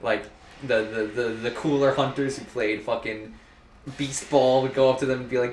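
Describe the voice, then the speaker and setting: A man's voice: medium pitch, steady tone, fairly quick. A young man chatting casually while playing a video game, goofy and rambling, with lots of swearing. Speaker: let's play host. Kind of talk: casual gaming chat. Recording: roomy echo with faint ambient noise.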